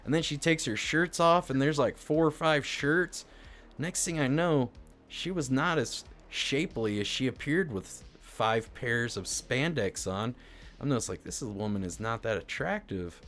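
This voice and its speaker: A man's voice: medium pitch, a little slow, fairly bright tone, soft background music. A man telling a rambling, crude story on his live stream, peppered with swearing and filler words. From Indiana, US. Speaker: livestreamer.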